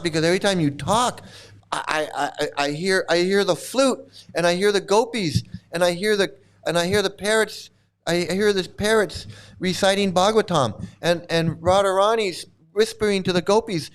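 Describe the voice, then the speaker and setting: Guy hosting a chill stream, kinda high voice, smooth, rambles and stammers and keeps cracking up. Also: normal speed, a bit bright. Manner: rambling, stammering, laughing often; mocking. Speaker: channel host. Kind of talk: casual livestream chat.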